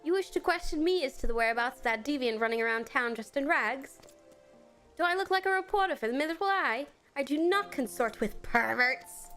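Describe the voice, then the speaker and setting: A woman's voice: high-pitched, lively intonation, brisk, a bit bright, faint music behind, voice pushed up. A woman doing a haughty snooty townswoman. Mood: indignant. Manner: snooty and indignant.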